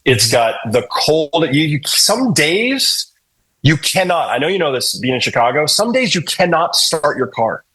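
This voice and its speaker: A man from New England with a husky, slightly raspy voice, talking loosely and profanely as a podcast guest. He tells long, meandering stories and jumps into quoted voices. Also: fairly high pitch, sing-song, measured pace, sharp tone, low-quality recording. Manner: rambling, profane, joking, acts out quotes. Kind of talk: casual storytelling chat.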